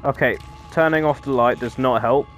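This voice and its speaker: A man's voice: mid-range voice, normal speed, a little hiss or hum. A man giving casual, jokey let's-play commentary on a horror game, easily startled and chatty. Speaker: gaming YouTuber.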